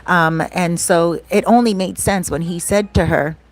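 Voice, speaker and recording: A woman's voice: lowish voice, fairly even intonation, measured pace, a little hiss or hum. A woman telling a story to her viewers in a casual vlog, chatty and often checking in with "right?".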